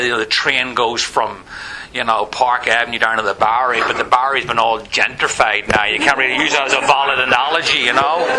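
A man's voice: medium pitch, bright, forceful tone, slight background noise, rough recording. A middle-aged man with a Northern Irish accent, giving a wry personal testimony at a recovery meeting, with many "you know" fillers. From Northern Ireland.

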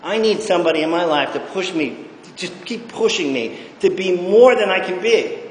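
A man's voice: high-pitched, expressive, normal speed, slight background noise. A middle-aged man giving blunt, profane personal testimony at a recovery meeting, often checking in with the room. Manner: emphatic, blunt and profane, keeps checking in with "okay?". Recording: echoey hall with long reverb.

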